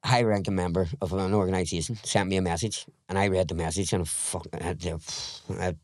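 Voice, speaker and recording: A middle-aged Northern Irish man with a very low voice tells his story candidly, rambling and swearing now and then as he acts out past exchanges. The sound is close and dry, with no room around him. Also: steady tone, normal speed, no room sound. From Northern Ireland. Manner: rambling, frank, swears, retells scenes in dialogue. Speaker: podcast guest.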